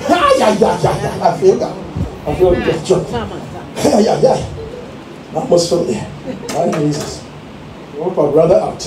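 A pastor preaches an exuberant Pentecostal sermon in a church sanctuary, laughing and calling out for the congregation to respond. His high-pitched voice has lively intonation, runs a little slow, and pauses often; it's captured from far off in an echoey room, with crowd noise and faint background noise.

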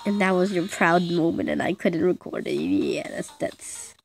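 A woman's voice: fairly low pitch, very animated, moderate pace, creaky, soft background music. A female gamer giving casual, chatty commentary on her gameplay, teasing the game and her friend as she plays.

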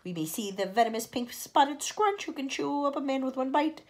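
A woman voicing an excitable, grinning male centipede, reciting in a boisterous sing-song way. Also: high voice, normal speed, voice pushed up. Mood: gleeful.

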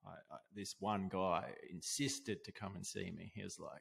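A man telling stories in a relaxed, casual way as an interview guest. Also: sits low, normal speed, gravelly, few pauses, breathy edge. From Australia. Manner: laid-back, lots of "dude" and "like", laughs while telling. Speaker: guest, osteopath. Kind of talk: casual storytelling.

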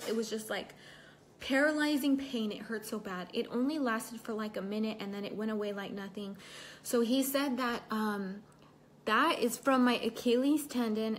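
A young woman chatting casually on a livestream, reading out and answering viewer comments between bits of her story, laughing often. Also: a little high.

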